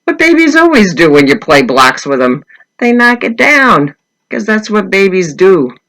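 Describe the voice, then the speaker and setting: Woman reading a kids book out loud, slow and lively, keeps asking the kids questions. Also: mid-range voice, poor audio. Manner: gentle, asks the listening children questions; animated storyteller. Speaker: children's author. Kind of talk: reading a picture book aloud to children.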